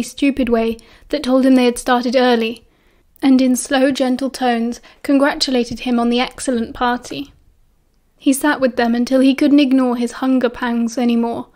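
A British woman reading a novel aloud as an audiobook narrator, in an even storytelling manner. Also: sits high. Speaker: audiobook reader.

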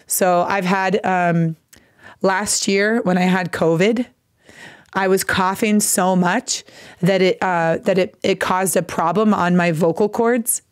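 An American woman, a native English speaker, hosting a live English lesson stream, chatting warmly and trying out halting Portuguese over a headphone mic. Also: medium pitch, no room sound, studio quality. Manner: gushing, reads chat names aloud, halting Portuguese. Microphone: headphone mic on a video stream.

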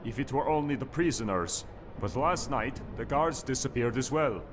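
A man's voice: medium pitch, lively intonation, normal speed, noisy background, close to an everyday voice. A man voicing a stern male official in a game, asking for help in a put-on northern-sounding accent. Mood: urgent. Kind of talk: game character dialogue.

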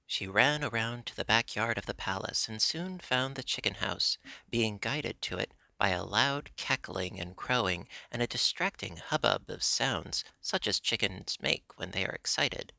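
Gravelly man reading a storybook. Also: on the low side, expressive, a little slow, pushed and bright, dry recording. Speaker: audiobook reader. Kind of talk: scripted narration.

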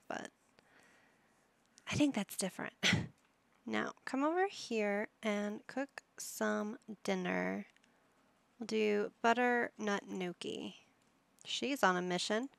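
A gaming YouTuber with a medium-pitched voice and vocal fry, recorded dry, comments casually while playing a life-sim game. Like a playful parent, she coaxes and scolds her characters.

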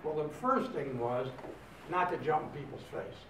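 A man in his nineties from Baltimore, a veteran guest speaker telling his story to students, lively and acting out dialogue, then turning quiet. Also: on the high side, moderate pace. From Baltimore, USA. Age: 90s. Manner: animated, acts out dialogue, drops to a quiet voice when emotional. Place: school room. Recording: echoey room, distant mic, background noise.

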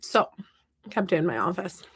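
A woman's voice: fairly low pitch, sing-song, a little fast, a bit bright, husky. A woman hosting a casual craft livestream from her home office, chatting and reading out viewer comments. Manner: playful and upbeat. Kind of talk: casual chat while crafting.

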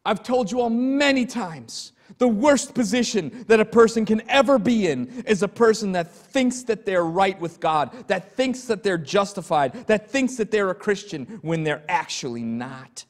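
A man's voice: high-pitched, animated, a little slow, hardly any pauses. A male pastor preaching an earnest, emphatic sermon and telling stories to his congregation in a church sanctuary. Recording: long church hall reverb.

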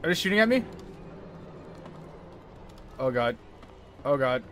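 A man's voice: medium pitch, very animated, slow pace, fairly bright tone, a little hiss or hum. A man streaming a horror game, panicking, swearing and laughing nervously as he plays. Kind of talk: live game commentary.

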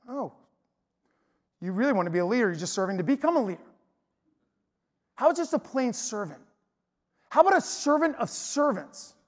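A man preaching to an audience in an energetic, emphatic storytelling way. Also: very high voice. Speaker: speaker. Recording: long hall reverb.

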